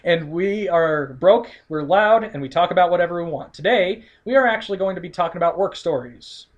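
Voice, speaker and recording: A young man co-hosting a casual comedy talk show, playful and quick to laugh. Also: high voice. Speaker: podcast co-host.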